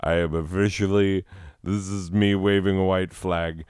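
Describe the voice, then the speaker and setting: A man's voice: low voice, fairly even intonation, measured pace, a little mellow, smooth, no echo, clean studio sound. A man hosting a comedy show, sarcastically mocking a listener letter and laughing at his own jokes. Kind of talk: comedic riffing monologue.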